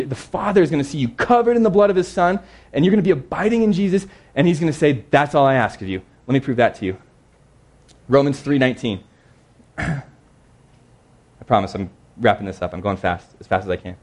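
A man preaching a sermon in a conversational, earnest way, slowing down to read scripture verses. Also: mid-range voice, darkish tone.

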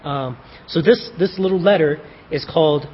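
A man with a fairly high voice preaches a sermon, posing questions and answering them himself, and reads a devotional in an old-fashioned scriptural style. His voice carries a long reverb on a dull, slightly muffled recording with faint background noise. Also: moderate pace. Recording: dull, echoey hall with faint hiss.

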